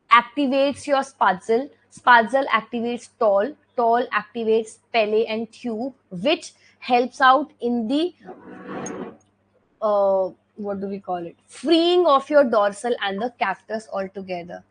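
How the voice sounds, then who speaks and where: This exam revision lecture comes from a woman with a fairly high voice and an Indian English accent, captured on a rough recording. She works through the material step by step, repeats the important points, and often adds checks like "okay."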